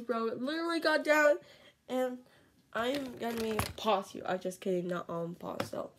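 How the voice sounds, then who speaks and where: A woman vlogging in casual, excitable chatter, pleading and dropping into whispers. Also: sits high, gravelly, background noise.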